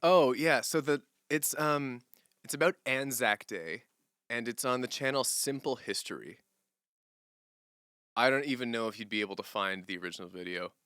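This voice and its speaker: A young man chatting casually on a livestream, answering viewer questions in a relaxed, rambling way and laughing often. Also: mid-range voice, normal speed, clean tone, no echo, clean studio sound. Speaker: streamer.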